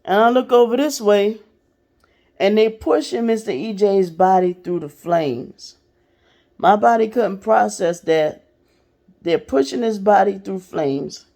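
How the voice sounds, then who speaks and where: A woman's voice: medium pitch, a little mellow. A woman casually telling a personal story to her viewers, in a blunt, profane way. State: sick. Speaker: vlogger.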